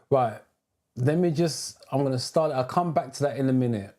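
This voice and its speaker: Dark-voiced British man hosting a live stream. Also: mid-range voice, normal speed. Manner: reads out viewer comments and greets them by name. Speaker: driving theory instructor.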